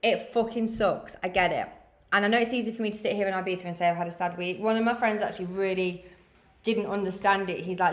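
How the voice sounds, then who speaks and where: Her medium-pitched voice moves fast with fairly level intonation in a reverberant space. The thirty-year-old woman from England delivers blunt motivational talk on her podcast, swearing liberally in a big-sister way.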